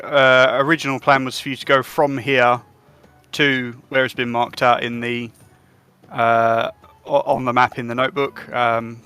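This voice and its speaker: Hesitant game master, bright voice. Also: male voice, medium pitch, clean tone. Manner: hesitant, many fillers. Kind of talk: narrating a tabletop game.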